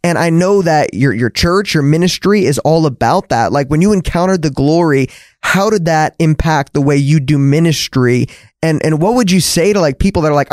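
A man's voice: fairly high pitch, expressive, moderate pace, a little mellow, no room sound, clean studio sound. A man hosting a podcast, talking earnestly in a casual faith conversation and often repeating words as he goes. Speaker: podcast host.

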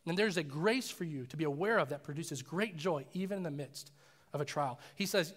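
A pastor preaching a sermon in a loose, casual way, telling stories and acting out voices in them. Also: male voice, fairly high pitch, a little fast, in a large hall. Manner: casual, animated storytelling with acted voices. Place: church sanctuary.

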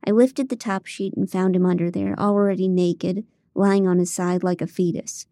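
A woman's voice: fairly low pitch, steady tone, moderate pace, dark tone, dry recording. A woman narrating a first-person audiobook in a dry, comic way on a close studio mic.

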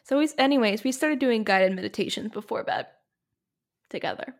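A woman co-hosting a casual podcast chat. She tells stories animatedly, acts out quotes with big pitch jumps, and fills her speech with "like". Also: animated, moderate pace. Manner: heavy use of "like" as filler. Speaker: podcast co-host.

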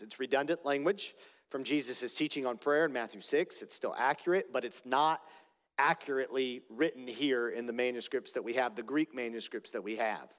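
A man, a pastor, giving a sermon, speaking deliberately and repeating key phrases for emphasis. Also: medium pitch, fairly bright tone, long reverb tail.

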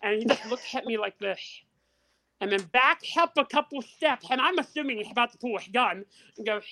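On a podcast, a male co-host tells a story in casual chat, swearing freely and acting out the people involved with animated energy. His voice is very high and fairly quick, and the recording is rough.

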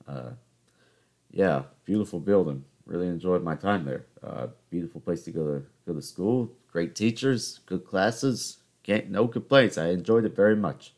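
A man's voice: low voice, moderate pace, darkish tone. A young man hosting a podcast alone, rambling through stories in a joking, off-the-cuff way. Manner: rambling, joking, self-interrupting. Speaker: podcast host. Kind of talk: casual solo monologue.

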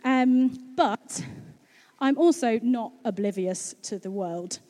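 A woman's voice: a little high, slow, mellow. A chatty, bubbly woman, giving a casual sermon to her congregation as pastor. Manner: bubbly and chatty, laughing easily.

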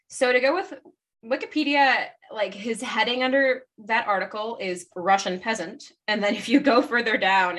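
A chatty woman with a bright, forceful tone rambles through her notes as a podcast co-host, often correcting herself mid-sentence. Her voice sits a bit back from the mic. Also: medium pitch, far from the mic. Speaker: podcast co-host presenting the research. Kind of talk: casual chat.

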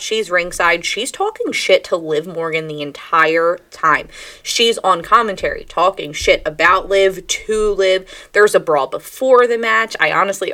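A woman co-hosting a wrestling podcast, recapping the show in a blunt, animated, casual chat with occasional swearing. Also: on the low side.

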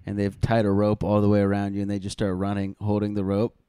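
A man's voice: fairly low pitch, completely flat delivery, fast talker, dark tone, clear, resonant tone, no echo. A man co-hosting a podcast, riffing on crude jokes and laughing often. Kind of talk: crude casual banter.

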